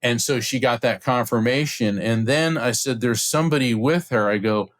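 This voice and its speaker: A middle-aged man, a guest on an interview podcast, telling a story with excitement and acting out the voices of the people in it. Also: medium pitch, moderate pace. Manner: acts out quoted voices, excited retelling. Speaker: podcast guest, psychic medium.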